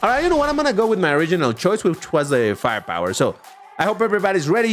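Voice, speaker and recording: Lively, chatty man with light Mexican accent. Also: on the high side, soft background music. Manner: chatty, excitable, quick to laugh. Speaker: livestreaming racing gamer. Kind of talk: casual live commentary while gaming.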